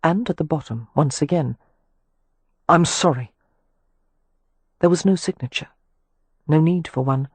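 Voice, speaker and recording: Measured audiobook narrator, woman, husky; dry booth sound. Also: low-pitched, dry recording. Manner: measured, even storytelling. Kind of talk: scripted narration of a historical romance.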